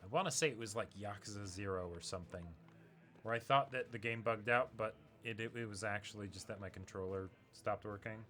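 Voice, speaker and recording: A man giving rambling, excitable commentary while streaming a video game. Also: lowish voice, a little fast. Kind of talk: casual gameplay commentary. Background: faint game music.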